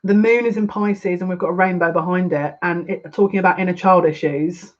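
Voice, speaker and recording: A woman giving a live card reading as a psychic, gushing and excitable, easily overwhelmed with emotion. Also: fairly low pitch, fairly quick, lo-fi sound.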